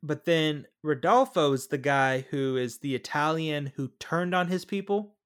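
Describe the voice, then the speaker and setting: A man's voice: a little high, measured pace, fairly bright tone, clean tone. Casual man recapping a film. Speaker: podcast co-host. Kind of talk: casual film review chat.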